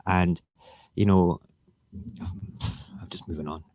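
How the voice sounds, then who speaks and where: A man's voice: low-pitched, fairly even intonation, slow, darkish tone, dry recording, studio quality. A man who hosts a casual morning live stream, ranting emphatically and sarcastically. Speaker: live-stream show host.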